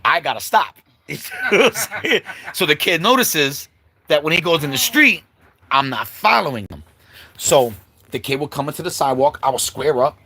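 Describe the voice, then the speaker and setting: Guy on a livestream telling a story, animated, keeps saying you know what im saying. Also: a little high, moderate pace, a little hiss or hum. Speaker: host. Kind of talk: casual storytelling. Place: livestream setup.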